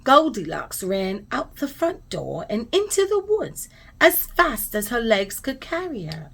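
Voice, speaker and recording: A woman storyteller reading a children's bedtime story aloud in an expressive, soothing way. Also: on the high side, a little slow, vocal fry, husky. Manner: expressive, soothing, trailing into soft whispers at the close.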